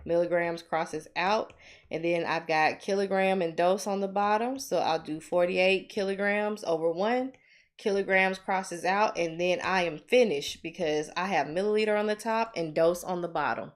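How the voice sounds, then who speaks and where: A woman with a Southern American accent tutoring nursing students through dosage calculations, in a lively, chatty and encouraging way that keeps checking in with her listeners. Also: on the low side, moderate pace. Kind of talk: live tutoring walkthrough.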